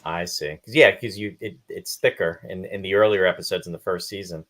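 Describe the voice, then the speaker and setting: Low-voiced man hosting an online show. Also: fairly even intonation, fairly quick, a bit bright. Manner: conversational, reads out viewer comments. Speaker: host. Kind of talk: casual online interview.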